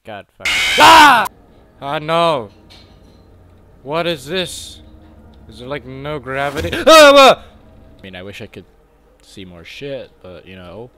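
A young man doing casual gaming commentary, joking around and yelling and swearing in panic. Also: mid-range voice, expressive, measured pace, pauses often. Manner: jokey, screams and swears in panic. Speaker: gaming youtuber. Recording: music playing behind.

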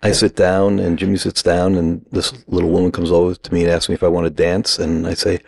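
Gravelly low-voiced man telling a story. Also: brisk. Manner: animated anecdote teller who acts out quotes. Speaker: podcast guest. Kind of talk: casual storytelling.

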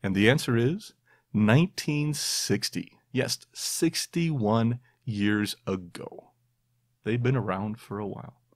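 A man's voice: medium pitch, slow, no room sound, studio quality. Playful man hosting a quiz podcast. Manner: playful, self-mocking, quizzing listeners. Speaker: podcast host. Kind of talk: quiz-style podcast monologue.

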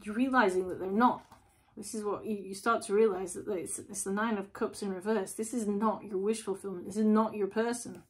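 A woman's voice: medium pitch, steady tone, fairly quick. A woman chatting through a casual tarot reading, asking lots of rhetorical questions. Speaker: tarot reader.

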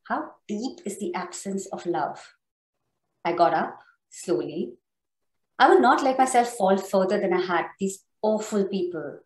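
A woman author reading her own memoir aloud on a podcast, measured and intense. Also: fairly low pitch, a little mellow. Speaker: author and guest. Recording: roomy echo.

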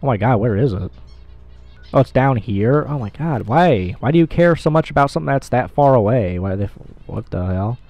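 A young man giving excitable, profanity-heavy commentary while playing a video game, with frequent loud outbursts. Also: mid-range voice, brisk, dry recording. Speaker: gamer. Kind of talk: let's play commentary.

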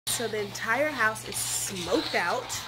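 A woman's voice: a little high, expressive, slow pace, music in the background. A young woman and mother vlogging at home to the camera, frank and chatty, peppered with "like" and "y'all". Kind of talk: casual vlog talk to camera. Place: at home, indoors.

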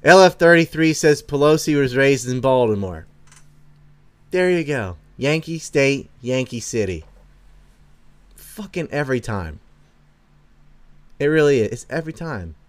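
A man's voice: medium pitch, expressive, unhurried, long pauses, no room sound. A man hosting a livestream, reading chat messages aloud and answering them in a brash, sarcastic way, swearing freely and chuckling between remarks.

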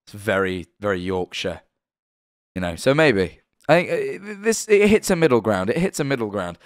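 British guy streaming, super animated voice, dry room, swears a bit. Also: fairly low pitch, normal speed, no room sound. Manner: chatty and animated, swears, stumbles over names. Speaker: livestream host. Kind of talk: casual stream chat, reading out subscriber names.

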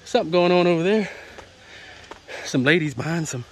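A winded man talks to his handheld camera as he climbs outdoors, puffing between short remarks. His voice sits a little high for a man, and his talk is casual and joking. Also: lively intonation, brisk, a little hiss or hum. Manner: breathless, puffing, informal and joking. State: out of breath. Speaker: vlogger. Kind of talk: casual vlog narration while hiking. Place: outdoors on a mountain trail near a waterfall.

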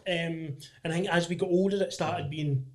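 A young Scottish man hosting a podcast, chatting casually and telling lively stories. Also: fairly high pitch, moderate pace. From Scotland. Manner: animated storytelling, mimics others' voices. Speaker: podcast host. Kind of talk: casual chat.

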